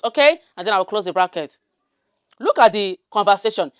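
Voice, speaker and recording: A woman's voice: mid-range voice, expressive, brisk, smooth, dry recording, clean studio sound. A woman hosting a step-by-step screen tutorial, often checking in with her viewers. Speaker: tutorial host. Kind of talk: screen-recorded software tutorial.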